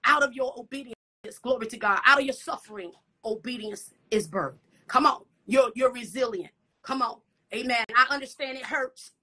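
A woman preaches a fervent sermon in a high, bright, ringing voice. She keeps calling out "come on" and "hallelujah" and slips into breathy whispers between her lines. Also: normal speed.

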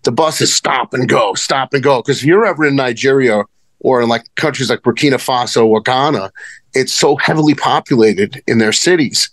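A man's voice: mid-range voice, moderate pace, no room sound. A man telling rambling, profane stories as a wrestling guest in casual conversation. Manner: rambling, profane, many restarts. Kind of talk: casual storytelling.

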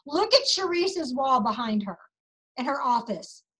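A woman's voice: high-pitched, sing-song, a little slow, a bit bright, slightly rough, poor audio. A woman leads a motivational sales meeting over a video call from her home office, enthusiastic and preachy, calling out to her listeners. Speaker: sales team leader.

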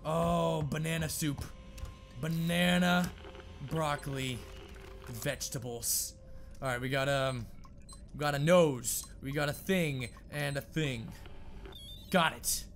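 A young man giving casual let's-play commentary on a horror game, swearing often, muttering to himself and bursting into yells. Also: on the high side, fairly even intonation, slow pace, long pauses, faint music behind. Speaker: gaming video host.

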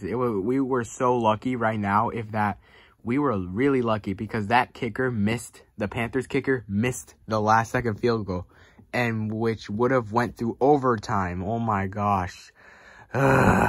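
A man's voice: on the low side, no room sound, studio quality. A YouTuber man giving casual reaction commentary, swinging between cheering and panicked repetition.

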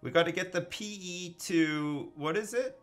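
A man's voice: sits high, unhurried, fairly bright tone, faint music behind. A man casually commenting on his own space game live, joking, swearing and thinking aloud as he reads chat. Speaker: gaming livestreamer.

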